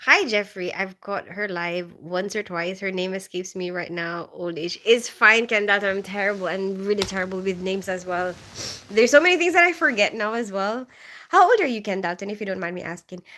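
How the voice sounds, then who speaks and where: A woman's voice: mid-range voice, pushed and bright. A woman from the Philippines hosting a casual livestream, chatting and reading viewer comments aloud, often laughing. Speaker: livestream host reading chat. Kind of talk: casual live chat. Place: bedroom.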